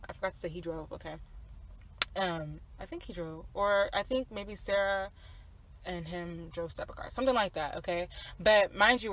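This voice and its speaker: A woman's voice: lowish voice, low-quality recording. A woman in her twenties, co-hosting a podcast and telling a personal story in casual chat, candid and profane, with many fillers and asides to her listeners. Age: 20s. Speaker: podcast co-host.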